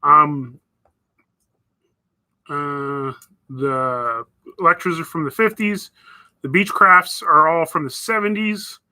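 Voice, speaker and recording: Bright-voiced chatty man from northern Canada. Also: fairly high pitch, takes it slowly, pauses often, poor audio. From Northwest Territories, Canada. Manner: rambling, chatty, reads viewer messages aloud. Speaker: livestream host. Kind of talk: casual live-stream chat.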